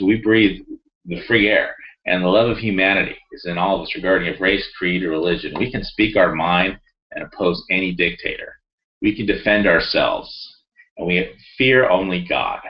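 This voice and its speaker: A man's voice: low voice, highs cut off. A man ranting heatedly in a rambling, profane way and reading his own forum post aloud. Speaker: video blogger.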